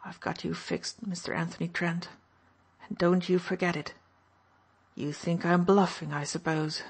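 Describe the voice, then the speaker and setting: A woman's voice: on the low side, steady tone, measured pace, slightly rough. A woman reading an audiobook, voicing a weak, wounded male officer who snarls and taunts with open hostility. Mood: sneering. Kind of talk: audiobook narration.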